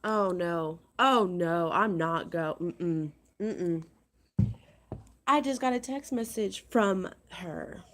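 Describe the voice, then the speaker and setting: A woman vlogging to her viewers, upset and agitated, talking in a halting, exasperated way and repeating herself. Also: lowish voice, fairly bright tone. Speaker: crafting vlogger. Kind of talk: casual vlog rant to viewers.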